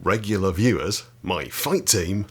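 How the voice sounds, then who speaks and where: Man, lowish voice, reading a book aloud to camera with deadpan asides. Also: a little slow, husky. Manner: dry, wry asides between read passages. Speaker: channel host reading from a historical book.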